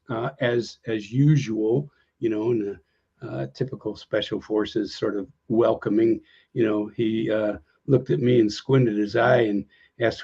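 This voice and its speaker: A man's voice: a little mellow, slightly rough. An older American man telling war stories in an interview, rambling with many fillers and restarts, and raising his voice when he acts out old conversations. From United States. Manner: acts out quoted dialogue with lifted pitch. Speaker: interview guest, veteran. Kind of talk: casual storytelling. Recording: dull lo-fi audio.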